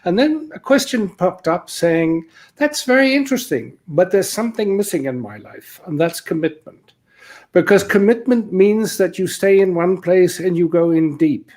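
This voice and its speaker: A speaker in a relaxed chat who thinks aloud and reflects before asking long, rambling questions. The questions often stop and restart midway. The voice sits in a middle pitch range. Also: normal speed. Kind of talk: casual conversation.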